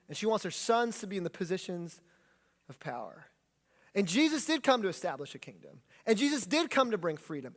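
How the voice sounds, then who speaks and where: A pastor delivers a sermon in a lively, animated style, calling on the congregation to speak lines back with him. His voice sits high for a man, and it carries through a hall with long reverb. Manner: animated preaching, leads congregation in call-and-response. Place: church sanctuary.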